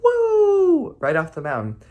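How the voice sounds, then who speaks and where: A young adult man, a camp counselor, telling a campfire story with sound effects and shouts. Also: mid-range voice, lively intonation, moderate pace, highs cut off.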